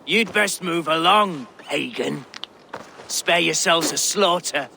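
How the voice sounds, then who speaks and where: A gruff Saxon camp leader snarls his threats slowly, his rough and gravelly. The voice sits high and bright, with a little background noise under it. It is a video game scene. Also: exaggerated voice. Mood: menacing.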